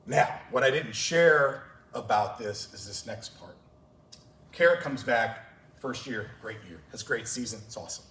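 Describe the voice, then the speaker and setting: A man's voice: mid-range voice, lively intonation, normal speed, fairly bright tone, a little hiss or hum. A male track and field coach giving a conference talk, telling emotional stories from his coaching. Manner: emotional storytelling. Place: clinic session room. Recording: roomy hall from a distance.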